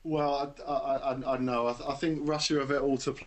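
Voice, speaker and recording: A man as a pundit guest on a radio phone-in, stammering at first, then giving steady analysis. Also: mid-range voice, a little fast. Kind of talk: radio studio discussion.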